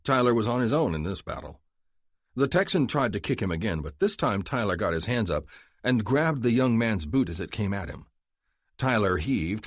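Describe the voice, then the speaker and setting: A man doing scripted narration of an audiobook in a measured storytelling manner. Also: sits low, no echo, studio quality.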